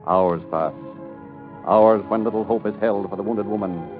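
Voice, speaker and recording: A man narrates in a declamatory 1930s radio style. The sound is thin and tinny like an old broadcast, with music playing clearly under his voice. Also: fairly low pitch, normal speed.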